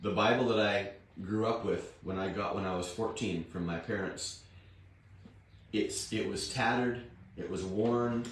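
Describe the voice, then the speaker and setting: Slow-talking man in an echoey room. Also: on the low side, steady tone, a little hiss or hum. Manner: homely and plain-spoken, with gentle asides. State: rough morning voice. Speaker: devotional host and Bible reader. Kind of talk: slow, unhurried devotional talk. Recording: very echoey room, distant mic, faint guitar.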